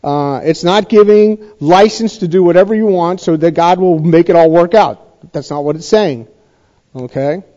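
A pastor explains scripture in a relaxed, mellow tone, his voice sitting fairly high for a man. He talks conversationally, repeating key points and asking whether his listeners are following. The recording sounds dull and slightly lo-fi. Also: moderate pace. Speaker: pastor teaching a Bible study. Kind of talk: sermon-style Bible teaching.

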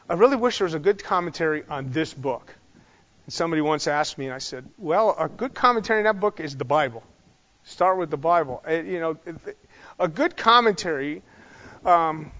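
A man's voice: on the high side, a bit bright. A man teaching a Bible class in a loose, conversational way, full of fillers and asides. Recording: dull sound in a large reverberant hall.

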